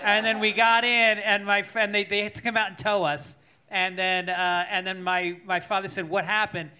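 A man's voice: high voice, little pitch movement, normal speed, bright, forceful tone. A male comedian guest on a live podcast, telling a rambling, profane childhood story with laughter. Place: live show on stage.

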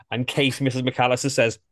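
Animated man telling film stories. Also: medium pitch, normal speed, dry recording, studio quality. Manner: animated storyteller, acts out quoted lines. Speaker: podcast host. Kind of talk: casual film chat.

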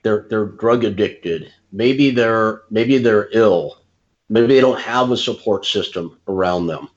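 A low-voiced male interviewer asks his questions haltingly, stumbling over his first words. The sound is a bit dull and lo-fi. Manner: halting, stammers and restarts. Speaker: interviewer, podcast host. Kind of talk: casual interview talk.

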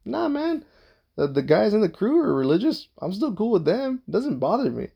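A man's voice: high-pitched, big pitch swings, normal speed, creaky, slightly rough, highs cut off. A young man telling a casual, profane story, rambling with lots of filler words and acting out what people said. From Southern California. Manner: profane, rambling, full of "like" fillers, acts out quoted talk.

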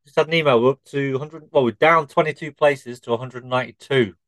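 Deadpan man telling long jokes. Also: mid-range voice, no echo, rough recording. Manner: deadpan, drawn-out shaggy-dog storytelling. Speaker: podcast co-host. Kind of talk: joke-telling podcast chat.

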